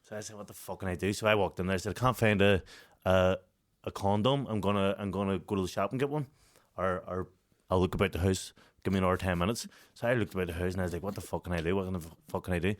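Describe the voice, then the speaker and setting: A deep-voiced, fast-talking Northern Irish man in his thirties tells a story as a podcast co-host in casual conversation. He's lively and profane, and laughter keeps breaking through.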